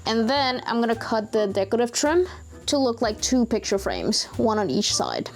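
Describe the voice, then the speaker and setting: A woman chatting casually as she narrates a DIY woodworking project at home, thinking aloud and talking to her pets. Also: normal speed. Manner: chatty, talks to her pets in a high excited voice. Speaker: DIY vlogger.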